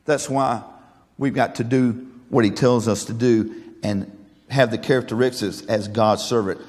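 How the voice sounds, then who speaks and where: A man's voice: mid-range voice, long reverb tail. A male pastor preaching a sermon, folksy and joking, then earnest and emphatic.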